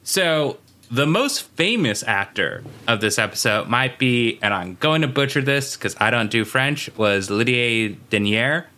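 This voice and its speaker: Male podcast co-host, bright tone, chatty trivia delivery with lots of asides. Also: medium pitch, expressive, a little slow. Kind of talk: casual chat.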